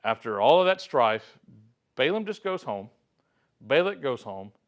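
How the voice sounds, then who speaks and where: A man leading a church Bible study, speaking at a mid-range pitch. He retells the scripture in a relaxed, conversational way and slips into short acted-out quotes. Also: unhurried. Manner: conversational storytelling, acting out quotes. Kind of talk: informal Bible lesson.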